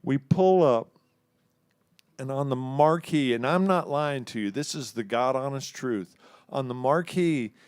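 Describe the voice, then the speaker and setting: A man from Houston, a musician, telling a story in a casual, animated way, acting out the other people in it and laughing often. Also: mid-range voice, measured pace, smooth, no echo. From Houston, Texas. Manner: animated, acts out quoted voices, laughs often. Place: live studio show.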